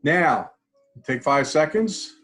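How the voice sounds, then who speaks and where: A man's voice: on the high side, big pitch swings, takes it slowly, fairly bright tone, faint music behind. A man teaching a class, walking students through a tapping exercise and repeating phrases as he demonstrates. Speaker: instructor.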